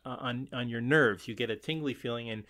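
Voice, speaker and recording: A man's voice: mid-range voice, brisk, pushed and bright. A man co-hosting a podcast in casual chat, talking in a hesitant way with many fillers and repeats and frequent laughs. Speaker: podcast co-host.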